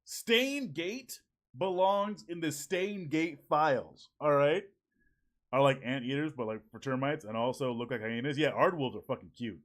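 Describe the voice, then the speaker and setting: In a casual evening livestream from his home, a man reacts to viewers with frequent jokes, swearing and laughter. He talks at medium pitch and a moderate pace.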